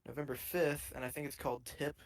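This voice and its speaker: A man's voice: medium pitch, level tone, fast, poor audio. Joking young male co-host, rambling. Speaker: podcast co-host. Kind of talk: casual podcast chat.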